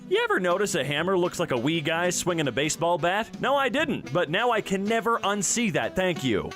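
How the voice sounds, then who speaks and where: Male comedy commentator, high and very animated, sarcastic. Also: moderate pace, hardly any pauses, faint music behind. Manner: sarcastic, animated reactions with bursts of laughter. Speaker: YouTube commentator.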